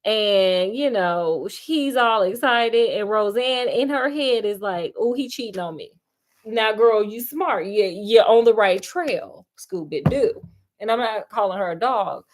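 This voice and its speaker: A woman's voice: medium pitch, measured pace, slight background noise. A woman retelling a story in a sassy, chatty way, calling her listeners honey and child, with frequent laughs. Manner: laughs often.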